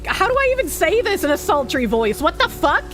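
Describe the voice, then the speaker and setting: A woman's voice: extremely high pitch, very animated, fairly quick, fairly bright tone, soft background music. A woman streamer chatting casually with her viewers, swearing often and rambling off on tangents. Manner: swears a lot, rambling and self-interrupting. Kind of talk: casual live-stream chat.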